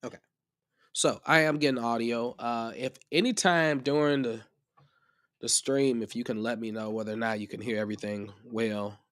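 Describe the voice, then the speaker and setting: A man's voice: mid-range voice, steady tone, normal speed, a bit bright, no room sound. Chatty man, dry close sound. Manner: rambling and chatty, often restarts. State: a bit under the weather. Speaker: music production tutor. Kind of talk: casual live-stream chat.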